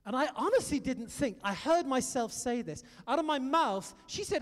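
A British man preaching a sermon, telling stories and urging his listeners on in an animated way. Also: extremely high pitch, normal speed, few pauses, in a large hall. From Britain. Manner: animated storytelling, exhorting the audience.

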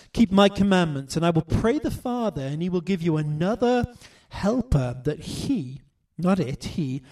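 High voiced guy preaching, fervent, slow scripture reading, loud then hushed, kinda distant mic.

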